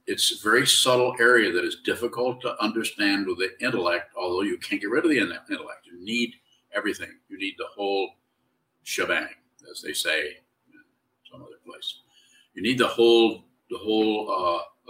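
A man giving a slow, halting, reflective dharma talk as a Zen teacher, in a slightly whiny tone. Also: lowish voice, bright, forceful tone. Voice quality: self-described whiny tone. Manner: slow, halting, reflective delivery with many restarts. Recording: distant mic.

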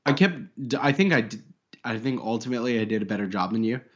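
A man's voice: medium pitch, expressive, fast, lo-fi sound. A man co-hosting a podcast in casual banter, joking, laughing often and swearing. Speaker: podcast co-host.

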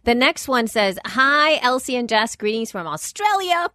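A woman's voice: on the high side, very animated, moderate pace, bright, forceful tone, no echo, clean studio sound. Chatty woman podcast co-host. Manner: chatty, rambling with restarts and laughs. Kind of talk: casual chat, reading listener messages.

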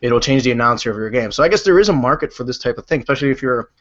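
Quick-talking male co-host, animated storyteller, dull lo-fi sound. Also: medium pitch. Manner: rapid, animated storytelling with swearing. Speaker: podcast co-host. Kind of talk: casual podcast chat. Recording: dull lo-fi recording.

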